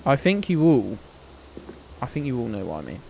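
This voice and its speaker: A man's voice: medium pitch, very animated, normal speed, vocal fry, a little mellow, a little hiss or hum, rough recording. A man streaming a game, chatting casually to his viewers in a rambling, sweary, joking way.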